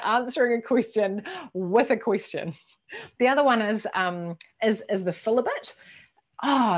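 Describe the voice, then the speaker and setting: A woman giving a casual, lively workshop talk to a team, swearing now and then and acting out quoted voices. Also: mid-range voice. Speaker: workshop presenter.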